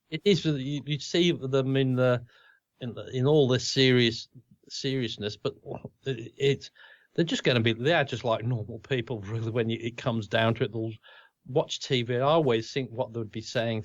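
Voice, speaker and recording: A man's voice: mid-range voice, steady tone, normal speed, no echo. An Australian man co-hosting a casual talk show, telling anecdotes in a chatty way. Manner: chatty storyteller, laughs into his anecdotes. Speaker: podcast co-host. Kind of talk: casual chat. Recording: dull, dry lo-fi sound.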